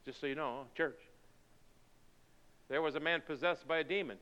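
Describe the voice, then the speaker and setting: A man's voice: a little high, normal speed, sharp tone, clear, resonant tone. A male pastor preaching a sermon in a church, driving it with emphatic, repeated rhetorical questions. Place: church sanctuary. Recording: dull recording with long hall reverb.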